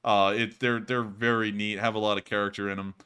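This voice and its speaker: Male stream host, bright and punchy, chatty and jokey, casual commentary. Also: lowish voice, level tone, fairly quick, clean tone. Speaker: host of a live war-news stream.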